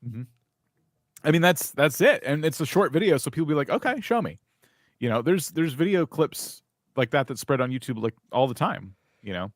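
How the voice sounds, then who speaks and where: A man's voice: mid-range voice, expressive, brisk, no room sound. Male live reviewer, candid and critical, chatty fillers, dry close sound. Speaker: YouTube channel reviewer, co-host. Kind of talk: live stream review chat.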